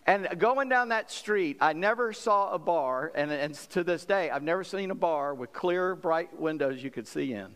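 Folksy pastor in a reverberant hall. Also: male voice, a little high, expressive, moderate pace, few pauses, fairly bright tone, clean tone. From South Carolina, US. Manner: folksy, conversational preaching with laughs and acted quotes. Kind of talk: sermon.

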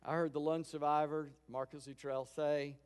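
A man's voice: a little high, level tone, moderate pace, a little mellow, clean tone. Man preaching casually in a reverberant hall. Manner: conversational storytelling, acting out quotes. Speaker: pastor. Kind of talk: sermon.

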